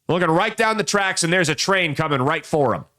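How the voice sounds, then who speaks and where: A man with a fairly high-pitched voice hosts an opinionated political commentary show. He tells folksy parables and slips into quick voices for the people in them. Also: lively intonation, sharp tone. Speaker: podcast host.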